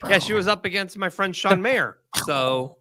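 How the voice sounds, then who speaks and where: A woman co-hosting a casual chat, cheery with quick interjections. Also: mid-range voice, expressive, a crowd in the background.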